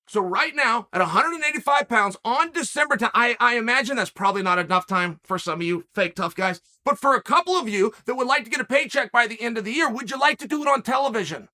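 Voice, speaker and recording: Fast and with few pauses, a man with a very high, sharp voice and lively intonation hosts his commentary show. He rants with emphasis, throwing rhetorical challenges at his listeners.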